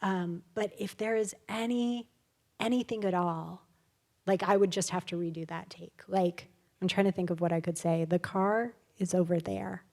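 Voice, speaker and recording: A woman, an author guest at a live event, telling stories in a casual, animated way with many fillers. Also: lowish voice, normal speed. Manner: animated, chatty, full of fillers and laughs. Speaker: author guest at a public talk. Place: live event before an audience.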